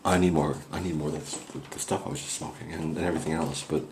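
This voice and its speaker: A man's voice: rumbling low, flat delivery, fast talker, creaky, reverberant, noisy background. A man hosting a spoof paranormal investigation, rambling and faking panic and awe. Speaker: host of a mock paranormal investigation. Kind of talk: comic mock-serious ghost hunting.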